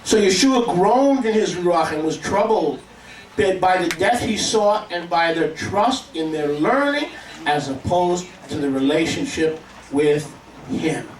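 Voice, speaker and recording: A man's voice: high-pitched, a little hiss or hum. A man preaching a sermon to a congregation, emphatic and calling for responses. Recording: echoey room, mic at a distance.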